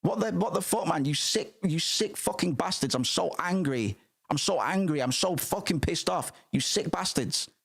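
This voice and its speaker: A man's voice: sits high, animated, moderate pace, gravelly, a bit bright, husky, voice pushed up, heavily acted. A man voicing a furious, disgusted male game reviewer who swears as he rants. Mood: outraged. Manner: ranting, swearing.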